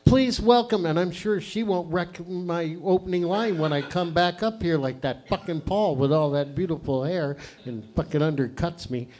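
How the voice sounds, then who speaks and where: A man hosting a live stand-up show on stage, loud and profane, rambling between jokes. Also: a little high, moderate pace, few pauses, a little hiss or hum. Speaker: comedy show host. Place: live comedy venue stage.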